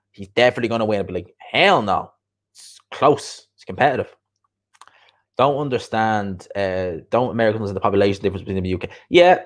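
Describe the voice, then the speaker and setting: This boxing show host has a fairly low, slightly mellow voice as he reads viewer comments in a casual livestream chat. Opinionated, he hammers his points home by repeating them.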